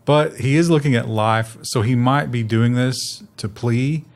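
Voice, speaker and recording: A man's voice: mid-range voice, measured pace, vocal fry. A man co-hosting a casual tech news show, full of sarcastic jokes and asides.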